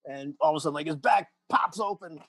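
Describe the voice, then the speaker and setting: Guy running a tabletop game, kinda rambly, lots of restarts, slightly high voice. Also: fast, over a noisy crowd, low-quality recording. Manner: rambling, full of restarts and "you know". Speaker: game master.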